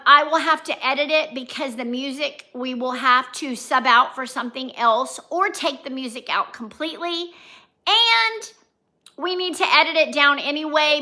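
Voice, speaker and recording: Chatty woman with a high bright voice. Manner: chatty, talks straight to her viewers by name. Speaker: vlogger and livestream host. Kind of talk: casual livestream chat, reading viewer comments.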